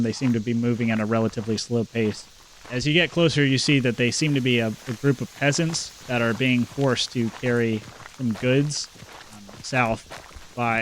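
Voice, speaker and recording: A man's voice: mid-range voice, fairly bright tone, slight background noise, low-quality recording. A man narrating a tabletop game as game master in a casual, loose way.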